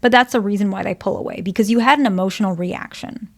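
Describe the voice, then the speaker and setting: A woman's voice: mid-range voice, fast talker. A woman therapist giving relationship advice, explaining patiently and checking in often with "okay?" and "right?". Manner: explains patiently with example dialogues. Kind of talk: advice monologue to camera.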